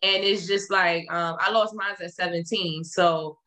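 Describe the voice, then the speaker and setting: A woman's voice: on the low side, measured pace, poor audio. A young woman, chatting candidly and telling stories with lots of "like" fillers. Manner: candid, animated storytelling, frequent "like" fillers. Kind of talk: casual chat.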